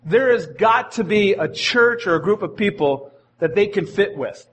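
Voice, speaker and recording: A man's voice: sits high, expressive, moderate pace, fairly bright tone, breathy edge. A male pastor preaching a sermon in an earnest manner, often repeating his phrases.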